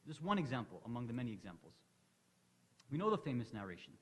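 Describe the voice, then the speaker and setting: A man's voice: medium pitch, big pitch swings, fast, fairly bright tone, breathy edge. A man giving a religious lecture in a conversational storytelling way, acting out the lines of the people in his stories. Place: hall of an Islamic center. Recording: long reverb of a hall.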